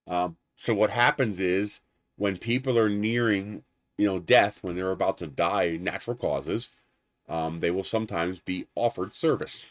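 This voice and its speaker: A man hosting a casual livestream, rambling and animated, laughing at his own jokes. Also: deep voice, unhurried, dry recording. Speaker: livestream host.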